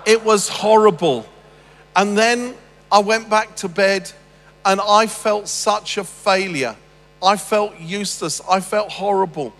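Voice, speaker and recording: A man's voice: high voice, takes it slowly, fairly bright tone, big-room sound. A man telling a humorous personal story on stage, rambling and self-deprecating with stammered restarts. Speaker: speaker.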